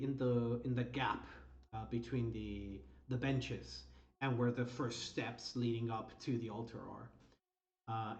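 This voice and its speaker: Game master, male, halting narration, roomy dull lo-fi audio. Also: medium pitch, darkish tone. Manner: hesitant, many uhs and restarts. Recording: roomy lo-fi mic.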